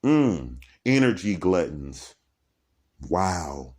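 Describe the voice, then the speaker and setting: A man vlogging alone in a dark room by candlelight, rambling from topic to topic and laughing as he talks. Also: low voice, very slow. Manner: animated, laughing, jumps between topics. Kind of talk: rambling stream-of-consciousness monologue.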